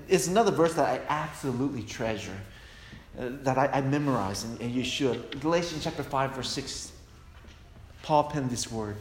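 A male pastor preaching a sermon with emphatic, repeated refrains, recorded in a church hall. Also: mid-range voice. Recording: echoey hall with long reverb, faint noise.

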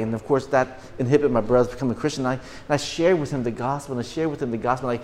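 A middle-aged man preaching a sermon to a congregation, earnest, often repeating and restarting words, rising now and then to loud, emphatic bursts. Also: medium pitch, very fast, hardly any pauses, in a large hall. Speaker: pastor.

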